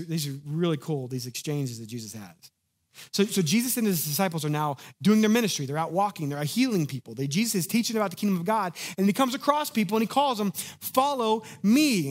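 A man preaching a sermon in an animated, conversational way, acting out the lines of the people in his story. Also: a little high, a little fast. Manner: animated, conversational, acts out quotes. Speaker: pastor.

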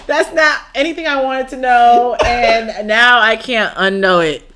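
A woman's voice: fairly high pitch, slow, noisy background. A woman co-hosting a casual podcast, reacting expressively and laughing often. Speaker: podcast co-host. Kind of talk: casual chat.

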